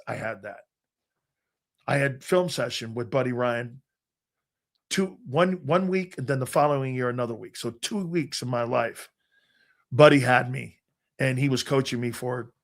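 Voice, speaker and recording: An older man with a gravelly, creaky voice, spinning loose stories live on a sports show. He circles back and restarts his sentences often and drops the occasional curse word. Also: medium pitch. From Connecticut, United States. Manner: rambling anecdotes, frequent restarts and fillers, profane. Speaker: sports show host and former football player.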